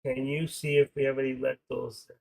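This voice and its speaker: A man's voice: mid-range voice, little pitch movement, moderate pace, vocal fry, darkish tone. An older man hosting a trading livestream, chatting in a casual, rambling, jokey way.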